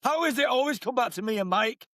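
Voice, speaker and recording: High-voiced man telling stories. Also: lively intonation, fast, a bit bright, no echo, clean studio sound. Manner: laughing often, sweary. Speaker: podcast co-host. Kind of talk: casual storytelling.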